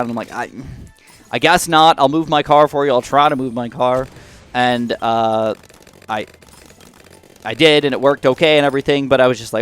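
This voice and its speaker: Young adult male vlogger, casual storytelling rant, exasperated, filler-heavy, mid-pitched. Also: normal speed, clean tone, soft background music. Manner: animated, exasperated retelling with many fillers. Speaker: YouTube gaming vlogger.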